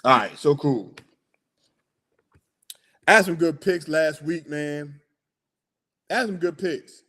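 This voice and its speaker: A man hosting a casual sports talk livestream, slangy and excitable, rambling about his picks. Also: fairly high pitch, slow. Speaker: sports podcast host.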